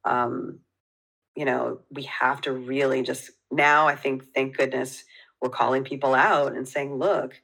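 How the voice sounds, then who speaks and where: A woman with a New York accent, a podcast guest talking in an earnest, animated way. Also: extremely low pitch, measured pace, creaky, rough recording. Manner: earnest, animated, laughs easily. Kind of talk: casual chat.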